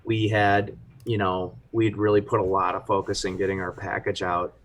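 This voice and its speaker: A lower-voiced man chatting casually about his brewery. He keeps his pitch very level and relaxed, restarting his sentences as he goes. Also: moderate pace. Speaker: brewery co-owner. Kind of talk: casual live chat.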